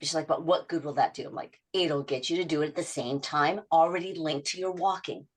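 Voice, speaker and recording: A middle-aged habit coach speaks briskly in a low-pitched voice during a podcast interview. She recounts stories about clients, animating their quotes with lively changes of voice.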